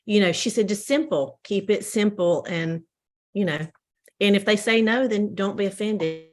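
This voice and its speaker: A woman's voice: medium pitch, normal speed. Plainspoken woman sharing at a meeting. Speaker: meeting participant. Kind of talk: casual group sharing.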